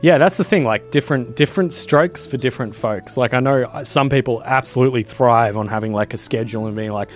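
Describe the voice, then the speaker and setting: Rambling streamer. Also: male voice, medium pitch, fairly quick, faint music behind. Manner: rambling, lots of fillers. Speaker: game streamer. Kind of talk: casual chat while gaming.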